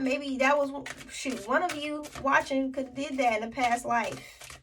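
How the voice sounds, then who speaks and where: A woman's voice: high-pitched, steady tone, a little slow, recorded from a distance, background noise. A woman giving a tarot reading to her viewers, thinking aloud with many fillers and restarts. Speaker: tarot reader.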